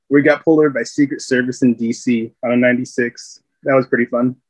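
A man telling stories from his military days in a loose, casual way, rambling and packing his talk with fillers. His voice sits at a middling pitch and is recorded close and dry. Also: a little mellow, slightly rough, no echo. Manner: rambling, full of fillers, laughs often. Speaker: Marine veteran guest. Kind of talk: casual storytelling.

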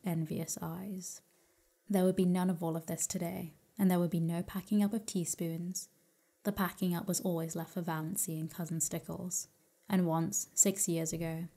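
A woman softly reading a classic novel aloud as a calm, gentle sleep story. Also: fairly low pitch. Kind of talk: soft sleep story narration.

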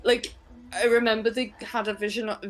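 A woman's voice: on the high side, little pitch movement, a little fast, over a noisy crowd, poor audio. Chatty woman reacting to a film. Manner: chatty, exasperated, laughs often. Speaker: reaction video co-host. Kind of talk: casual reaction chat.

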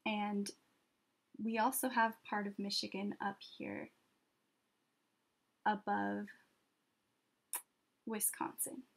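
Slow, patient woman teaching a drawing lesson. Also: medium pitch, flat delivery, gravelly. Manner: slow, patient, gently encouraging. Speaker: art teacher. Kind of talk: step-by-step drawing lesson for children.

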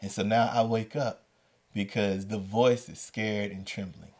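A man hosting a storytelling podcast, telling a story with lively delivery and acting out the voices. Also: lowish voice, a little slow. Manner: animated, acts out the voices in his story. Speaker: podcast host and educator.

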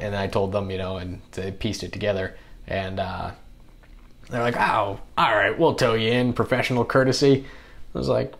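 A young man telling a story on a podcast with a fairly low voice. He is animated, laughs often and jumps up in pitch to act out other people's lines. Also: a little fast. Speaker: podcast guest. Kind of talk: casual storytelling.

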